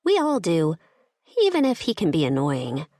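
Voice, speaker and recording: A woman's voice: sits low, wildly swooping pitch, normal speed, warm tone, dry recording, studio quality, exaggerated voice. A woman narrator voicing a determined alien woman giving clipped, commanding instructions over a comm link. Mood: firm.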